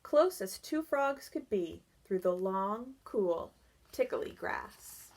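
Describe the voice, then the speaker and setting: A woman reading a children's picture book aloud, softly and expressively, with sing-song sound effects. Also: medium pitch, expressive, slow pace, a little hiss or hum. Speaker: children's reader.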